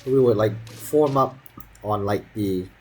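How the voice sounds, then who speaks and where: Husky young man ranting sarcastically. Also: on the low side, slow, faint music behind, low-quality recording. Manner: profane, sarcastic, rambling with many fillers. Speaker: vlogger telling a school story. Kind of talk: casual storytelling rant.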